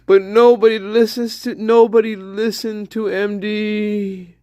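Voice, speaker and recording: A man's voice: high-pitched, level tone, slow pace, mellow, dry recording, clean studio sound. A man host rambling through an erratic, crude solo monologue, often breaking into laughter. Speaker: channel host.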